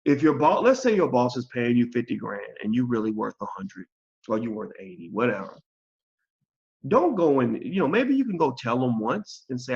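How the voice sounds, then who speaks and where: Blunt, animated man on lo-fi audio. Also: mid-range voice, normal speed. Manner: blunt, animated, swears freely, acts out quoted voices. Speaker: channel host. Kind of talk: opinion commentary monologue.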